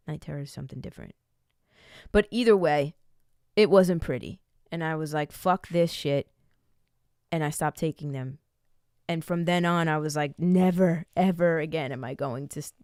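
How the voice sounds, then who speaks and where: With a low, darkish voice, this American woman in her late twenties vlogs a candid personal story, rambling and swearing freely. The recording is dry and of studio quality.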